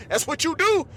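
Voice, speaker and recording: A man hosting a podcast, delivering an animated comedic monologue full of laughs and repeated asides. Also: very high-pitched, slight background noise. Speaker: podcast host.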